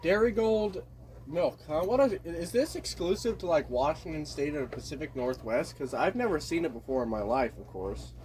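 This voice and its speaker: A man's voice: a little high, expressive, moderate pace, darkish tone, a little hiss or hum. A man from the desert Southwest of the US who vlogs in a blunt, profane, meandering monologue. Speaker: vlogger. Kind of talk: casual monologue rant.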